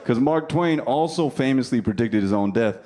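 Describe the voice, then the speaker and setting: This thirtysomething comic works a club crowd brashly and profanely, his mid-range, dark-toned voice animated at a moderate pace. Laughter and audience noise fill the live recording from the stage.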